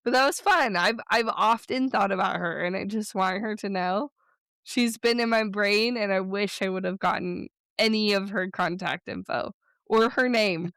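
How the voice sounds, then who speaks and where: Chatty woman podcast co-host, smooth voice. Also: medium pitch, a bit bright, no room sound, clean studio sound. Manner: chatty, rambling storyteller with quick bursts. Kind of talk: casual podcast chat.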